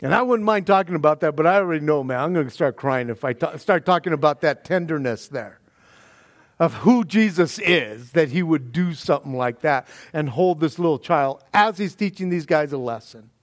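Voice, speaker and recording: A man with a notably high voice preaching an animated, conversational sermon. He stumbles into restarts and chuckles as he goes, and the sound is close and dry. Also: dry recording. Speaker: pastor.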